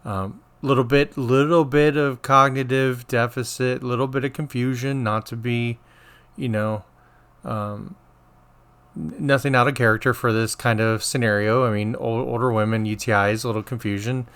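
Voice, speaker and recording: A middle-aged man, a podcast co-host and former nurse, telling a work story in casual chat, rambling with restarts and animated quoting. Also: medium pitch, normal speed, clear, resonant tone.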